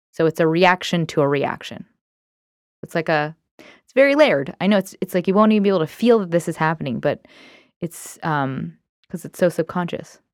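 Low-voiced candid woman host. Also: clear, resonant tone, dry recording, clean studio sound. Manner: candid, reflective, uses many fillers. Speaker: podcast host. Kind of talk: casual self-help talk.

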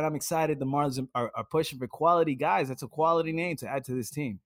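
A man co-hosting a sports podcast, talking in an excited, casual way and slipping into loud shouted bits. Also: on the high side, quick pace, dry recording, clean studio sound. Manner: animated, drops into loud shouted impressions. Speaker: podcast co-host. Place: at home.

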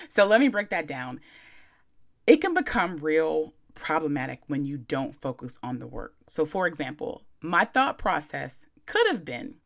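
A woman's voice: sing-song, a little slow, creaky, a bit bright. A young adult woman hosting a self-help podcast, talking candidly and playfully in casual slang.

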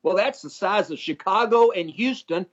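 An older man from Texas talks slowly and folksily, with a high voice and dry humor. His voice comes over a dull, muffled line, as on a call-in to a radio talk show. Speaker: guest, former congressman. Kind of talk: phone-in interview.

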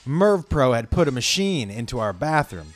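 A man's voice: medium pitch, moderate pace, faint music behind. Profane man telling a story. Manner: animated, profane, acts out quoted people. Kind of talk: casual storytelling rant.

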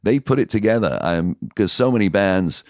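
Radio dj guy with a deep voice, lively up and down storytelling, dry close sound. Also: normal speed, dry recording. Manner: lively storyteller, some stammered restarts. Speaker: radio DJ guest. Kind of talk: casual interview chat.

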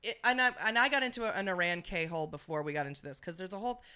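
A woman's voice: fairly low pitch, expressive, fast, sharp tone, clean tone. A woman co-hosting a podcast, chatting casually about politics in a rambling, profane way with lots of restarts. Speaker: podcast co-host.

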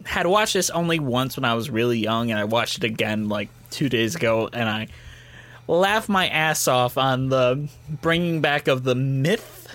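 A man's voice: medium pitch, expressive, a bit bright. A man co-hosting a casual podcast about a film, joking and laughing often and running through the show's plugs. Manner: laughs often, reads ad breaks quickly. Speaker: podcast co-host. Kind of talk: casual chat.

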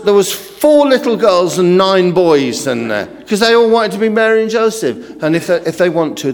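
A man's voice: high-pitched, in a large hall. A man from northern England with a London accent, telling comic stories with lots of laughter as a stand-up guest. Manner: chatty, laughing, animated anecdotes. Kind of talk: comic storytelling chat.

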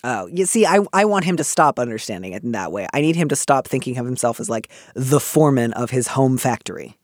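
A man talking through a listener's letter in casual advice chat, his pitch jumping up and down as he restarts his sentences. His voice sits in the middle range and sounds close and dry, with no room around it. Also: fast talker, no echo. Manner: animated, many restarts and fillers. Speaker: advice podcast co-host.

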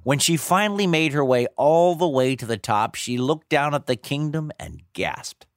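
A man hosting and narrating a story in an expressive, playful manner. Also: fairly high pitch, moderate pace, no echo, studio quality, soft background music. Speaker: host and narrator.

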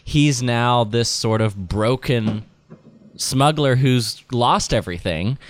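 A man's voice: medium pitch, takes it slowly, a little hiss or hum. A man hosting a podcast, chatting casually and rambling with frequent restarts. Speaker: podcast host. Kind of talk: casual chat.

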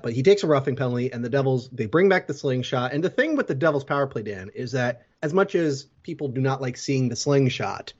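A man's voice: medium pitch, lo-fi sound. A man casually recapping a hockey game as a podcast co-host, telling the plays step by step with fillers. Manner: play-by-play storytelling with fillers.

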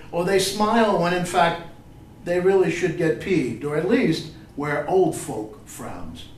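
An older man reads his poetry aloud to an audience, slow and halting between poems and expressive in the recitations. His voice sits a bit high for a man. The sound comes from a distance in a roomy, echoing space. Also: slight background noise. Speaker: poet. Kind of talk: poetry reading with chatty asides. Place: reading venue with an audience. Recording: roomy echo, distant mic.

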